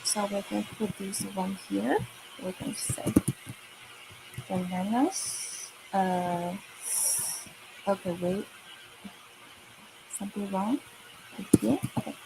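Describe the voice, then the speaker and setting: Slow, patient woman teacher. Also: mid-range voice, gravelly, background noise. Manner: slow, patient, repeats words and checks with "okay?" and "right?". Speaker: Mandarin teacher. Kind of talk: online kids' language lesson.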